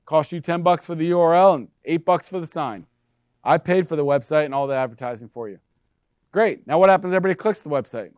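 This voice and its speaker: A man giving an energetic sales presentation to real estate agents, checking in with the room with frequent questions. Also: on the high side, fast talker, clean tone, no room sound, clean studio sound. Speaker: brokerage presenter.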